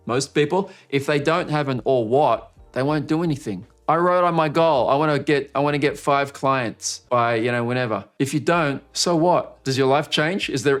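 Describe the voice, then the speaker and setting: Male coach running a live online training to camera, energetic with pitch jumps, faint music under. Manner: energetic, swings pitch up and down to show a point. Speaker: marketing coach. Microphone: speaking to camera.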